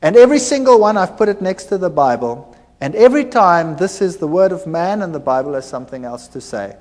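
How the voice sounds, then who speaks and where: A man, a former university lecturer, giving a personal testimony, telling his story with animated acted-out dialogue. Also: sits high, a little fast. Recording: hall reverb.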